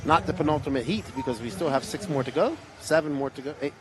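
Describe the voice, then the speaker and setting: A man co-commentating a model car race, briskly reading out drivers and heats. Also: fairly high pitch, background noise. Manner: brisk, reads out names and lists.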